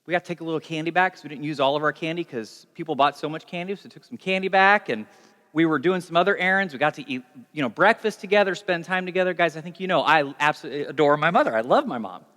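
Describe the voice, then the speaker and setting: A young adult man preaching a sermon as pastor, telling stories in a conversational, animated way. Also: fairly high pitch, fast. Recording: long reverb of a large hall.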